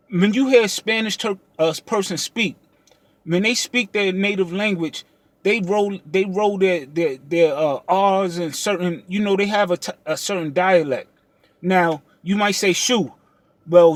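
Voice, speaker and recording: A man's voice: high voice, no echo. A young man from the United States, a trucking vlogger, speaking in a heated, confrontational unscripted rant, with frequent restarts and repeated check-ins with the listener. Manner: heated and confrontational, many restarts and repeated "you understand what I'm saying".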